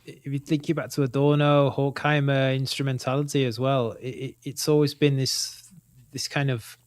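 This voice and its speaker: A man co-hosting a casual discussion podcast, eager and excitable, quick to laugh, over a remote call. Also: mid-range voice, dry recording. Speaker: podcast co-host. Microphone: remote video call.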